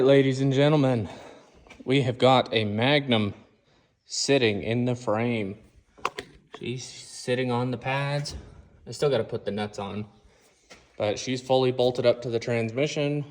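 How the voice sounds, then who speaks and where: A man's voice: medium pitch, a little mellow. A man in his garage, casually explaining each step of his truck build in plain shop talk. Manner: walks through each step plainly, calls the engine "she". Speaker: mechanic filming his own truck build. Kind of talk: casual how-to vlog.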